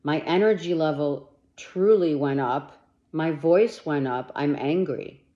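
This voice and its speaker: Speaking low and slow, with the highs cut off, a woman delivers a monthly tarot reading addressed directly to the listener. Blunt, emphatic and freely profane, the tarot reader pushes them on and reassures them urgently.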